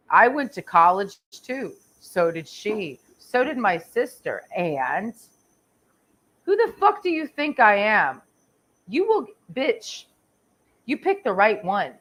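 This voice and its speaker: A woman from Texas ranting in a crude, confrontational vlog monologue, swearing constantly and rambling with trailing "and"s. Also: mid-range voice. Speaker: vlogger.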